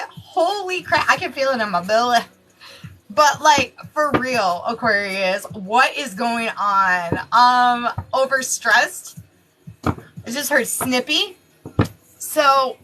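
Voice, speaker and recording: A woman reading horoscopes in a casual, chatty way, excitable and often exclaiming. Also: high voice, a little hiss or hum, low-quality recording. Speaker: tarot reader giving daily horoscopes.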